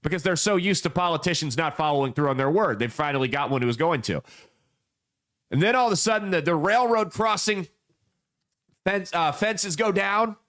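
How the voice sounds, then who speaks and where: Higher-voiced man in blunt political commentary. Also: expressive, normal speed, fairly bright tone. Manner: folksy, emphatic storytelling. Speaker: podcast host.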